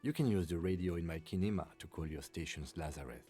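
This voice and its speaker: A man voicing a dry, clipped, tired police lieutenant with a deadpan manner. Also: low voice, fast talker, soft background music, pitched below the performer's own voice, natural voice.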